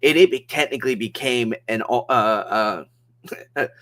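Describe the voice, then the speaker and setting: A man co-hosting a wrestling podcast talks in a loose, excitable way. He laughs often and keeps restarting his sentences as he recaps the show. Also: mid-range voice, measured pace. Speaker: podcast co-host. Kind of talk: casual wrestling review chat.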